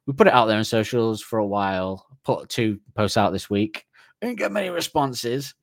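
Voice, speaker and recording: A man's voice: on the low side, expressive, normal speed, gravelly, no echo, studio quality. A man co-hosting a podcast in casual chat, rambling and correcting himself, laughing at his own jokes. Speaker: podcast co-host.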